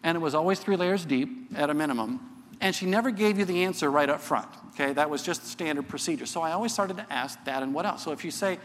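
A middle-aged man teaches a church crowd in an easy, earnest sermon, tossing in "okay?" as he makes each point. His voice sits a little high. It carries with a long reverb, as in a large church auditorium. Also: fast, a bit bright.

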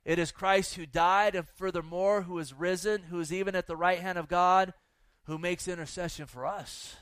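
A man's voice: sits high, steady tone, moderate pace, a bit bright, clear, resonant tone, dry recording. A male pastor preaching a fervent sermon to a church audience, exhorting the listeners and reading scripture. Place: church with a live and online audience.

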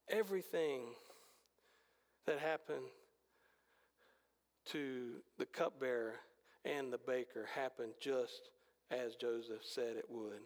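High, gravelly-voiced male preacher in a hall. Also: takes it slowly, pauses often. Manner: animated storytelling with rhetorical questions. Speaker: pastor. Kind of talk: sermon. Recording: long hall reverb.

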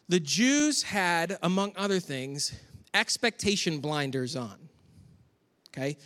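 A man from Western New York preaching a conversational sermon, with chatty, animated asides to the congregation. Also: high-pitched. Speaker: pastor. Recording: long hall reverb.

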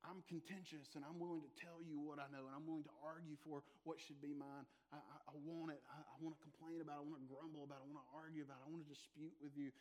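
A man delivers a sermon in a relaxed, talking-with-you manner, with jokes and asides to the congregation. His voice sits a little on the high side. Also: very fast, hardly any pauses. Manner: conversational preaching with asides and humor. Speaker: pastor.

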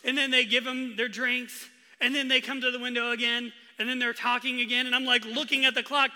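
A young man delivers a sermon in a high, very bright voice, acting out everyday stories with lots of energy. The sound carries the long reverb of a large hall. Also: fairly quick. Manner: animated storytelling, acting out his own frustration loudly. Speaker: pastor.

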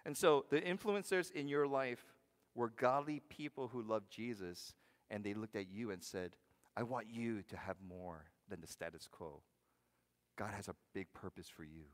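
A man pastor giving a conversational sermon, asking the congregation questions and swinging between loud, punchy lines and hushed ones. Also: fairly low pitch, normal speed. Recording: long hall reverb.

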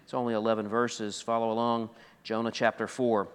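A man preaching an expository sermon as pastor, emphatic, swinging between loud declarations and quiet asides. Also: fairly low pitch, flat delivery, brisk, smooth. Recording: long hall reverb.

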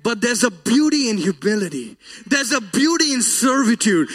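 A man's voice: sits high, expressive, measured pace, fairly bright tone. A man preaching a sermon and telling a personal story, earnest and emotional, his voice often breaking.

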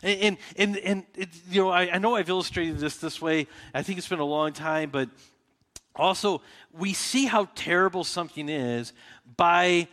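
A pastor and father with a high, somewhat bright voice preaches to his congregation at a moderate pace in a reverberant hall. He speaks conversationally, often restarting sentences and tossing out rhetorical questions.

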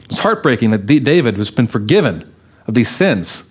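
A man's voice: normal speed, breathy edge. A man, a pastor, preaching a sermon, animatedly acting out the voices of the people he quotes. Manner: animated, acts out quoted voices with raised pitch.

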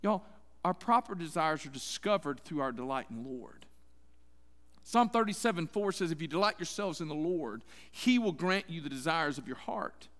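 A man's voice: on the high side, lively intonation, moderate pace, fairly bright tone. A man preaching a sermon in a folksy, conversational way, talking straight to his congregation. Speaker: pastor. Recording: long hall reverb.

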